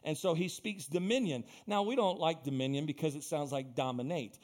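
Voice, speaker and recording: Male pastor, church sermon, fervent repetitive delivery, slightly high voice. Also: brisk, a little mellow. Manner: builds to fervent, repetitive preaching.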